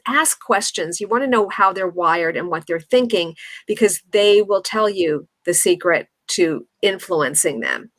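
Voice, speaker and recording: A woman's voice: on the low side, animated, unhurried, fairly bright tone, no room sound. A woman giving confident, instructive advice on speaking as an interview guest. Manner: confident, instructive, demonstrates intonation. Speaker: communication coach, guest.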